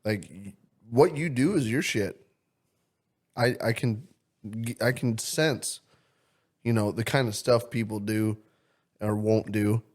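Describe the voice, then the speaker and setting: A young man with a fairly low voice trades crude, profanity-laced jokes with a friend on a casual podcast. He talks loosely and confidently, like he's holding court. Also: slow, long pauses. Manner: loud, crude, joking, swears constantly. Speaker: podcast co-host.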